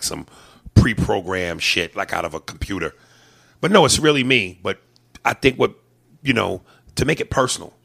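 A man's voice: lowish voice, gravelly. Crude, joking male podcast host. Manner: profane, joking, animated. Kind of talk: crude casual chat.

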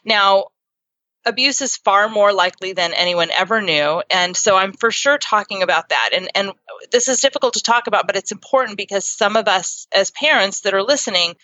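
A woman psychotherapist and author, speaking as an interview guest and explaining ideas earnestly with lively examples. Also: medium pitch, a little fast, dry recording. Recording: dull lo-fi sound.

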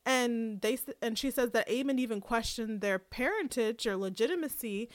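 A woman's voice: a little high, moderate pace, no echo. Woman recapping a show, dry close sound. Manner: chatty, animated retelling with acted quotes. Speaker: podcast co-host. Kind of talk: casual recap of a TV episode.

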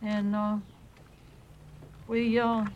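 A woman in a documentary interview clip, speaking in halting, wandering sentences that are hard to follow. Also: mid-range voice, level tone, darkish tone, dull audio. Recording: documentary clip with faint background noise.

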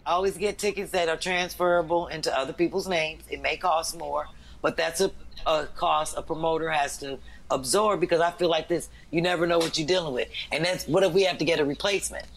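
A woman's voice: sits low, fairly quick. A woman who is a full-time comedian, talking bluntly and emphatically in a casual chat. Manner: blunt, emphatic, talks with conviction.

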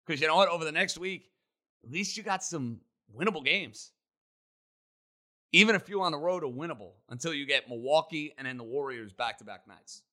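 A man hosting a sports talk show, holding forth on the week's games. His voice is very bright and a touch high for a man. He fires off emphatic, punchy opinions. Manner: emphatic, rapid-fire opinions. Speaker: sports radio host.

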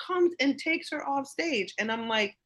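A woman in her thirties, a comedian guest telling a story in casual chat, animated and acting out quotes in a raised voice. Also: high-pitched, a little slow, poor audio.

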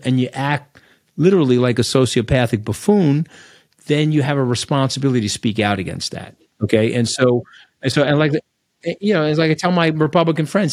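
A man's voice: mid-range voice, dry recording, studio quality. A middle-aged man from Long Island speaks with a thick New York accent in a mid-range voice. He tells his stories as a podcast guest, bluntly and at length. He drifts from point to point, often checking in with "okay?". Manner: blunt, rambling, tags lines with "okay?". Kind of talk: casual storytelling interview.

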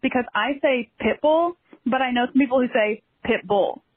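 A woman's voice: a little high, normal speed, slightly rough, no echo. Woman caller on a tinny phone line. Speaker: listener caller. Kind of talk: recorded voicemail question.

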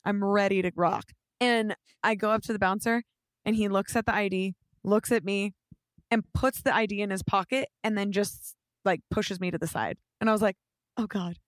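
A young adult woman casually telling an animated story, swearing offhand and acting out what people said. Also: medium pitch, normal speed, no room sound. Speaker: guest storyteller.

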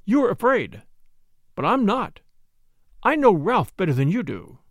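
A man's voice: high-pitched, very animated, measured pace, dry recording, studio quality, pitched above the performer's own voice, full character voice. A man voicing an earnest, defiant young woman who pleads insistently in an audiobook reading.

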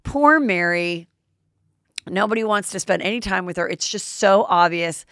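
A woman's voice: medium pitch, lively intonation, normal speed, a bit bright, no room sound, studio quality. A woman hosting a casual gossip recap, chatty and blunt, with lots of fillers and freely swearing. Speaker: host.

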